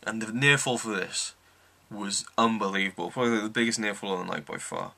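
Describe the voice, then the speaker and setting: A man's voice: lowish voice, big pitch swings, brisk, gravelly, sharp tone. A man giving an enthusiastic, rambling wrestling review, full of ums. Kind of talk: casual review monologue.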